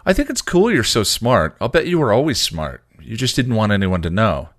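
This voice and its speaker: A man's voice: sing-song, normal speed. A man voicing a giggly teenage girl who talks in breathless valley-girl style, reading a story aloud. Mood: bubbly teen. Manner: breathless valley-girl "like" talk, squeaky when flustered. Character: bubbly teenage girl, giggly and eye-rolling.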